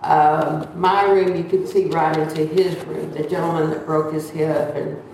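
A woman's voice: low-pitched, flat delivery, measured pace, a little mellow, slight background noise. A woman, chatting through a personal testimony and acting out the voices of the people in it. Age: 70s. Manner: chatty, acts out quoted voices. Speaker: church member sharing a testimony. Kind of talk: casual storytelling testimony. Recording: echoey room, distant mic.

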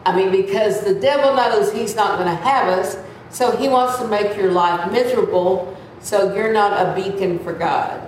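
A woman's voice: mid-range voice, normal speed, a little mellow. Older woman teaching Sunday school in an echoey room. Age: 70s. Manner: earnest, chatty, acts out whiny voices. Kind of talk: sermon. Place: church room. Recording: echoey room, mic at a distance, faint noise.

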